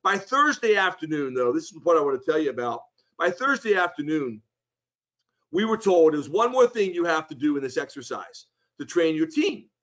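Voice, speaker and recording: A man's voice: normal speed, dull audio. A middle-aged man telling a long anecdote in a conversation, acting out the quoted people as he goes. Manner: animated anecdote, voices the quoted people with rising pitch. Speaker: guest speaker. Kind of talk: storytelling in conversation.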